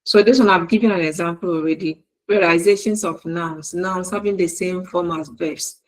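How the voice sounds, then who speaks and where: Speaking with a Ghanaian English accent in a lowish, steady voice, a woman lecturer delivers a recorded university lesson slowly and deliberately, repeating her examples word for word. The recording quality is low.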